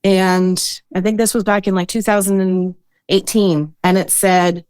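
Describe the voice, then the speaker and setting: A woman's voice: mid-range voice, steady tone, a little slow, a little mellow, clean tone, dry recording. Earnest woman, dry close sound. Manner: earnest and reflective, with frequent hesitations. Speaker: boudoir photographer, podcast guest. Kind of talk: casual interview talk.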